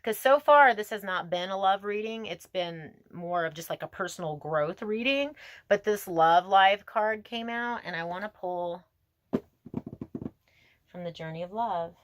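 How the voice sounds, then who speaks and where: Outdoors, a woman tarot reader gives a casual reading to camera, gushing and emotional as she laughs and muses aloud to herself. Her medium-pitched voice is expressive and unhurried.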